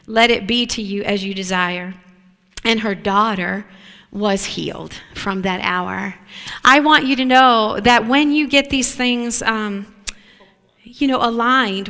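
A woman preaching a sermon in an animated way, often asking the listeners whether they agree. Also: on the high side, clean tone. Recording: long hall reverb.

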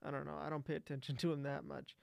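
A man's voice: fairly high pitch, flat delivery, fast, gravelly, no echo. A young man chatting casually and offhandedly, rambling a bit and repeating words. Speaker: podcast guest. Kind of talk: casual chat.

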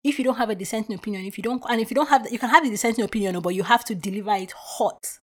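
Woman podcast host, casual solo monologue, reflective and chatty, middle-pitched. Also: very fast. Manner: animated storyteller who acts out quoted voices; chatty and reflective with frequent filler words.

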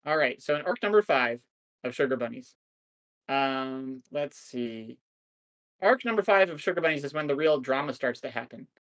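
A man in his thirties co-hosts a podcast, recapping a cartoon in casual chat that's crude, sardonic, rambling and full of swearing. His medium-pitched voice is expressive and a bit bright, at a normal speed.

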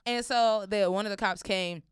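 A woman's voice: mid-range voice, moderate pace, clear, resonant tone, no room sound, studio quality. A young woman, telling a personal story casually, acting out voices and swearing freely. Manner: animated, acts out voices, swears often.

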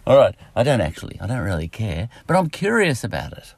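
A middle-aged man with an Australian accent muses aloud on his podcast, wandering from thought to thought with jokes at his own expense. His voice sits low with a gravelly, husky grain and swings widely in pitch. The sound is close and dry. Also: big pitch swings, normal speed, no room sound. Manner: jokey, self-mocking, meandering. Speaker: podcast host. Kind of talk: rambling solo podcast monologue.

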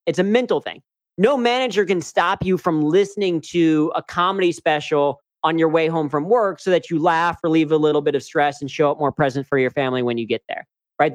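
A man's voice: on the high side, dry recording. A man talking as an interview guest about humor at work, upbeat and chatty, often tagging on "right?". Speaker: guest, humor coach and speaker. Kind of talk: casual interview talk.

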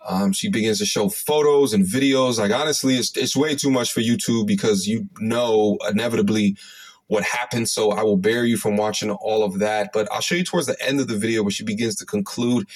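A man with a somewhat low voice hosts a reaction commentary. He speaks directly to his viewers and sprinkles "um" through his judgments. He moralizes about what the clip shows. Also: brisk. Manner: addresses viewers, "um" fillers, moralizing. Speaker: commentary host.

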